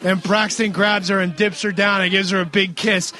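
A man with a very high voice tears through a recap, swearing constantly. He gets excited and loud as he acts out what people said. The talk is casual and fast-moving. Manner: profane, excitable, acts out quotes loudly. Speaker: podcast co-host recapping wrestling. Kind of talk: casual chat.

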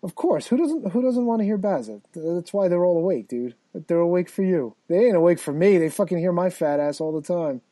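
A man hosting a casual podcast, swearing freely and rambling excitedly while reading out listener comments. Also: sits high, a little fast, few pauses, no room sound. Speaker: podcast host. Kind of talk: casual chat.

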